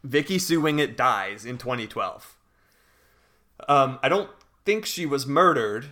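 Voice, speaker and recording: A man with a bright, forceful voice tells a long internet story on a podcast. He reads posts aloud in a casual, amused way. His voice sits at an ordinary middle pitch. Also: expressive, a little slow. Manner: reads forum posts aloud, breaking into laughter. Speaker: podcast co-host telling a story.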